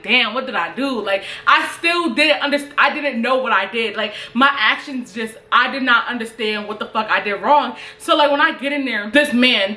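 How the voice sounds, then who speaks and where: Give me a chatty woman telling a storytime, bright voice, echoey room. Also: a little high. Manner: animated, profane, laughing often. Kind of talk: casual storytime vlog.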